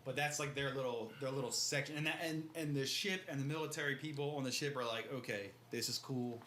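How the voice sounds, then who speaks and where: A man's voice: mid-range voice, fast, bright, forceful tone, a little hiss or hum. A man co-hosting a podcast, casually retelling a book's scenes in loose, slangy talk and acting out the characters' lines. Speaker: podcast co-host. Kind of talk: casual book discussion.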